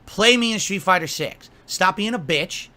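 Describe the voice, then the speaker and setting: A man's voice: high voice, lively intonation, normal speed, sharp tone. A man delivering an angry, profane rant, scolding and mocking someone directly. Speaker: streamer.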